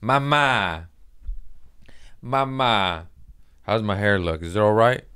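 A man in his thirties with a lowish voice runs a loose, self-mocking comedy podcast intro. He rambles from one thought to the next and swears freely. The sound is dry and close, with no room around it. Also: steady tone, fairly quick, fairly bright tone, clean tone, no echo.

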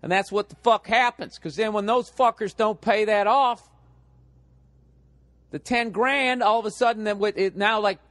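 Profane ranting man, higher voice. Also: normal speed, dry recording. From United States. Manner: profane, ranting, animated storytelling. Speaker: podcast host. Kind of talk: comic podcast monologue.

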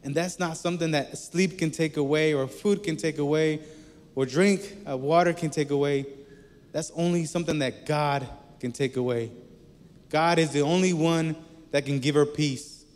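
A man preaching a sermon in a relaxed, conversational way, telling personal stories between scripture readings. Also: on the high side, moderate pace. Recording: echoey hall reverb.

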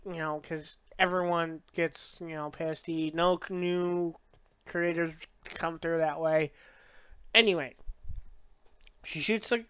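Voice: medium pitch, fairly bright tone, clear, resonant tone, no room sound, highs cut off. A book reviewer in a casual review, rambling with many fillers and frequent swearing. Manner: rambling, filler-heavy, profane.

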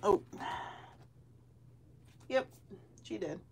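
A woman's voice: drawn-out words, background noise. A woman hosting a lottery-ticket channel, chatting casually and giggling as she calls out numbers one by one. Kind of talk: casual chat while scratching tickets.

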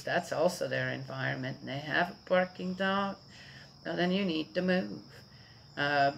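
A woman's voice: deep voice, a bit bright, slight background noise, poor audio. An older woman chatting casually outdoors to her viewers, rambling on and checking in with her listeners as she goes. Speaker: vlogger. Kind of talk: casual morning chat.

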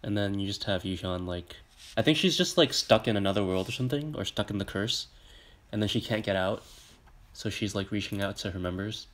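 A young man streams casually, reacting to music videos in a brisk but flat, low-key monotone. He reads comments aloud and rambles with plenty of filler words over background pop music.

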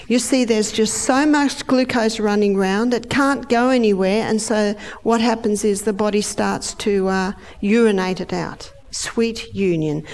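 A middle-aged woman giving a lively health lecture, acting out the body's organs in high, excited voices.

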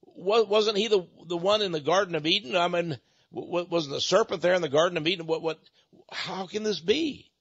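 A man preaching in an impassioned monologue, emphatic and prone to halting repetitions. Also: high voice, slightly rough, dull audio. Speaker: radio preacher.

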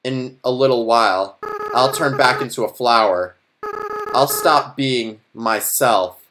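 A man voicing a gentle, remorseful young goat monster boy, reading game lines aloud in a soft, halting, tearful way. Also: medium pitch, background noise, close to an everyday voice. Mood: resigned. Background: game soundtrack music.

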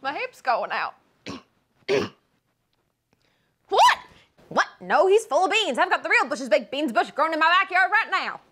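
A woman's voice: high-pitched, very animated, normal speed, exaggerated voice. A woman playing a brash, indignant older lady who claims she founded a bean company, in a comedy sketch. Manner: loud, brassy, indignant, drawling.

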